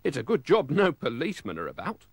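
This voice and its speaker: A man doing a genteel, fussy old gentleman. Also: on the high side, huge pitch swings, fast talker, no echo, exaggerated voice. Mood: chuckling. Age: older. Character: kindly older man, a fussing car owner.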